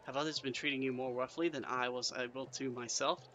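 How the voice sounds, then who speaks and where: A man's voice: mid-range voice, steady tone, pushed and bright, lightly acted. A man voicing a formal, menacing male assassin in a fantasy gamebook reading. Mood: measured. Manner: measured, formal.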